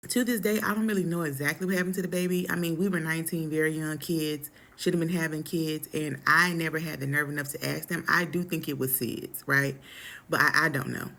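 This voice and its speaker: Young woman vlogger, lowish gravelly voice, lively slangy storytime delivery. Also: a little fast. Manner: animated, dramatic retelling with slang. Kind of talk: casual storytime chat.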